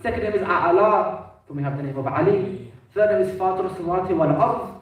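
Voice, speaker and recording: A man giving an emphatic mosque sermon, with quick Arabic quotations between his English. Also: high-pitched. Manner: emphatic, rising into declamation, quotes Arabic quickly. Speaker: preacher giving a majlis. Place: mosque hall. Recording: echoey mosque hall, mic at a distance.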